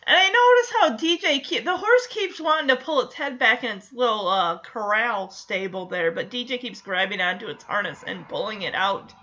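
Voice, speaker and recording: A woman's voice: fairly high pitch, lively intonation, moderate pace, few pauses, sharp tone, lo-fi sound. A woman chatting wryly through an episode recap, laughing often and acting out quotes.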